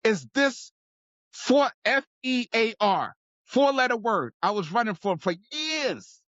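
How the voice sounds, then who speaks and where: A man's voice: very high voice, big pitch swings, slow pace, fairly bright tone, no echo, dull audio. A man hosting a podcast, pumping up the audience and talking straight to the listeners in a hyped style. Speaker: podcast host. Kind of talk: energetic podcast intro and chat.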